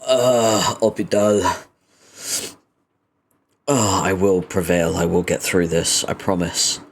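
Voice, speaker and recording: A man's voice: deep voice, fairly even intonation, takes it slowly, vocal fry, a little hiss or hum. A young man streaming a read-through, chatting casually with his viewers and swearing freely. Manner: sweary, chatty asides to chat. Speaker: streamer reading a webcomic aloud. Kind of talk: casual live-stream chat.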